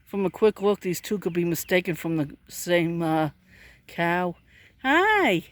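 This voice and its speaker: A woman's voice: fairly low pitch, very animated, measured pace, dry recording. A woman vlogging outdoors in a pasture, chatting to cows and donkeys in a coaxing, baby-talk way while filming on a handheld camera. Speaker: vlogger filming farm animals.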